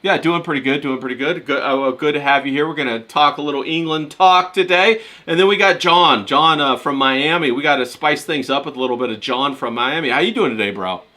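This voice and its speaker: A man's voice: a little high, a little fast, hardly any pauses, bright, forceful tone. A man hosting a casual chat on a video call, asking curious questions of his guests. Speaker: host.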